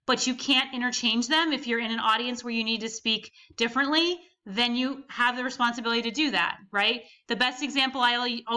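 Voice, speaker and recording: Young woman teacher lecturing, keeps asking right?, crisp bright voice. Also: on the high side. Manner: explanatory, often checks in with "right?". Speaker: college instructor. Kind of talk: recorded lecture.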